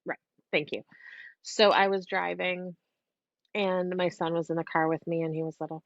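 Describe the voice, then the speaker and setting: A woman psychic medium, a podcast guest, telling a story in a chatty, animated way, now and then swearing casually. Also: on the low side, normal speed, no room sound. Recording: dull, dry lo-fi podcast audio.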